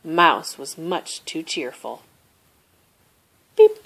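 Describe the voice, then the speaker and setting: A woman reading a children's picture book aloud in a slow, expressive storytelling manner. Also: mid-range voice, background noise. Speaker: storybook reader.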